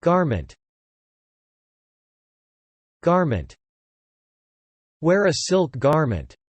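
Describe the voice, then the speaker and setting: A narrator slowly reading an English word list for learners, saying each word twice and then a short example phrase in a deliberate way. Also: mid-range voice, sing-song, breathy edge, dry recording. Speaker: vocabulary narrator.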